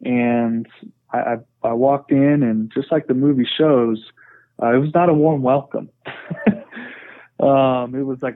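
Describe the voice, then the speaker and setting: A man's voice: mid-range voice, fairly even intonation, normal speed, no room sound. Man telling his story over a tinny line. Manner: earnest, frank retelling peppered with "you know". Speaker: podcast guest. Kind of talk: conversational storytelling. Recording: tinny phone-like dry sound.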